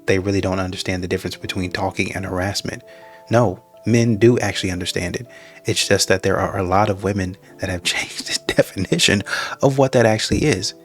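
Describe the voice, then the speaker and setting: A man's voice: sits low, fairly quick, faint music behind. A man hosting a reaction video, giving blunt, wry commentary on clips. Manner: blunt, wry, acts out both sides.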